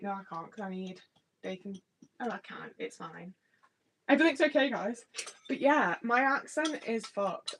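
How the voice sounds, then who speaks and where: A woman's voice: mid-range voice, fairly bright tone, slight background noise, poor audio. A young English woman from the Midlands, with a slight Liverpool twang, chatting and swearing freely with viewers while baking in her home kitchen. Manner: rambling, chatty, swears freely, self-deprecating. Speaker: livestreamer.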